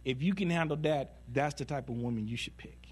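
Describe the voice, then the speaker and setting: A man voicing God as a calm, patient, plainspoken father figure who gently teases and corrects. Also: mid-range voice, a little fast, husky, natural voice. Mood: firm.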